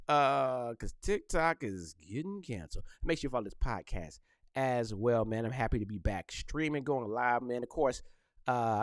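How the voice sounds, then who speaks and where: A man hosting a podcast, talking casually and joking in loose, animated trash talk. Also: medium pitch, dry recording, studio quality. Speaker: podcast host. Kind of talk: casual solo podcast rant.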